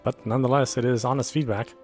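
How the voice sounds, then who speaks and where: A man's voice: medium pitch, steady tone, fast, a little mellow. A man reading a visual novel aloud in an earnest first-person narration. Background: faint background music.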